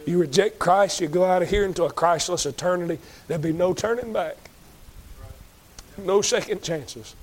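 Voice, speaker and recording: A man's voice: high voice, moderate pace, slight background noise. A man preaching an evangelistic sermon, fervent and emphatic, pleading with his listeners.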